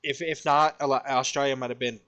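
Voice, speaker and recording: A young man hosting a casual podcast, upbeat and excitable, quick to agree with his co-host. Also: mid-range voice. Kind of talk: casual chat.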